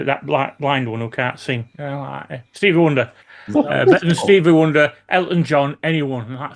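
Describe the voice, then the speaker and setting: A man's voice: medium pitch, fairly bright tone. A man on a casual hobby podcast, chatting and telling a rude joke with plenty of swearing. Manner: blunt, swears freely while telling jokes. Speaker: podcast co-host.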